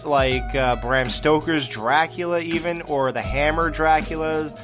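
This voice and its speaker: A man's voice: on the high side, a little slow, over music. A man hosting a horror movie podcast, reading a plot summary in a casual, joking way and laughing at his own slips. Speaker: podcast host.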